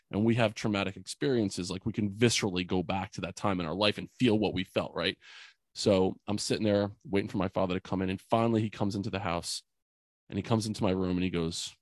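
A man's voice: on the low side, no echo, studio quality. A man in his forties, a podcast guest, telling a personal story in an earnest, emotional way, full of fillers. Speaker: podcast guest, youth mentor.

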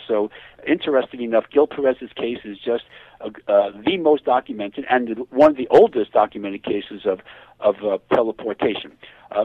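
A man being interviewed as a hypnotherapist guest, telling cases in a lively way and acting out the quoted speech. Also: mid-range voice, no echo. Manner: animated, acts out quoted dialogue. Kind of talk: phone interview storytelling. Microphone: telephone. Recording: tinny dry phone line.

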